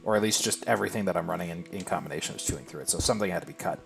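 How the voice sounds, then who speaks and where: A man casually chatting on a live game stream, thinking aloud and answering viewers in a relaxed, self-deprecating way. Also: low-pitched, racing, gravelly, music in the background. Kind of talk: casual live-stream chat while playing.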